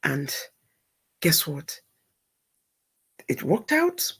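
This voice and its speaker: Emphatic husky woman telling a story. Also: deep voice, huge pitch swings, drawn-out words, a bit bright. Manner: emphatic, repeats words for effect. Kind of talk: personal storytelling on a talk show.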